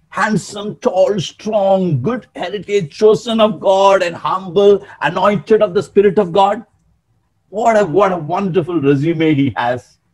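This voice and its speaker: A male pastor preaching with a high, widely swinging voice. His tone is husky, and he acts out the characters in the passage as he reads it. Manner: animated preaching, acting out quoted characters. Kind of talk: sermon.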